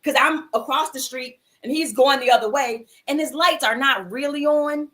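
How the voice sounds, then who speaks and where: Woman stream host, high voice, animated inspirational storyteller who acts out the quotes. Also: unhurried, hardly any pauses. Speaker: host of a mindfulness livestream. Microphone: livestream computer mic.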